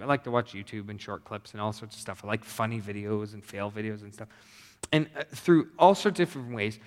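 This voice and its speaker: A man preaches to his congregation in a loose, talky way, often restarting and repeating phrases for emphasis. His voice sits at an ordinary male pitch. It rings out with the long reverb of a large hall. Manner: conversational, animated preaching with repetitions. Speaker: pastor. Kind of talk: sermon.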